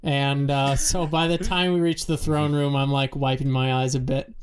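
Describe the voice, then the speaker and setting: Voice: mid-range voice, level tone, normal speed. A tabletop game player describing their character in a reflective way. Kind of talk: casual game talk.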